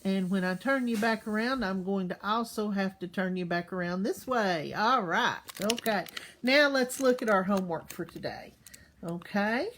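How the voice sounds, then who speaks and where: A woman's voice: medium pitch, fairly bright tone, a little hiss or hum. A woman teacher giving a recorded lesson to young children, patient and full of questions. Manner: slow, patient, asks questions and checks in with "okay?".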